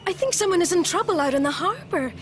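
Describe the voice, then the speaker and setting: A British woman presenting children's TV and telling a story in an expressive, playful way. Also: very high-pitched, fast, loud music behind the voice.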